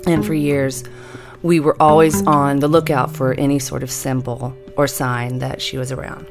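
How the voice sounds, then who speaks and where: Low-voiced woman telling a ghost story. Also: vocal fry. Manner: measured, deliberate storytelling with slowed emphasis. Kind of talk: personal storytelling podcast. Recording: music bed under the voice.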